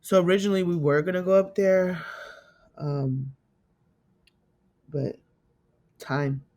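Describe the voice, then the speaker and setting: A middle-aged Californian woman, appearing as an interview guest, recounts a painful story from her own life. Her voice is fairly low and dark. Emotion makes her halting; she repeats herself frequently and voices what others told her.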